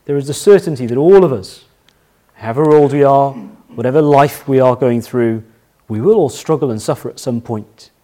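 A man's voice: mid-range voice, normal speed, dark tone. A middle-aged man preaching a sermon as pastor, telling a family story and repeating key phrases for emphasis.

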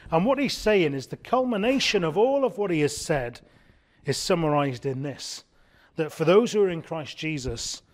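A man with a slightly higher voice delivers an evening sermon to a congregation. He speaks earnestly and with emphasis, slowing down to land his key words and repeating them for weight. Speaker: preacher.

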